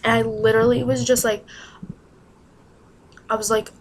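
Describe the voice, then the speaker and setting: A woman's voice: fairly high pitch, flat delivery, moderate pace, slight background noise, poor audio. A young woman telling a personal story to camera in a casual, rambling way, with lots of "like" and exasperated asides. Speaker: vlogger.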